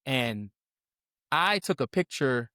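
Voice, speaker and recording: Young male co-host, animated storyteller, mid pitch, dry close sound. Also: takes it slowly, no echo. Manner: animated storyteller, acts out quoted voices. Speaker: podcast co-host. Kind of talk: casual storytelling chat.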